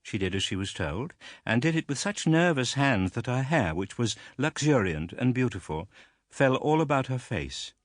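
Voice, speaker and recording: A man narrating a classic novel in a measured, expressive storytelling manner. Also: medium pitch, no room sound, studio quality. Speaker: audiobook narrator.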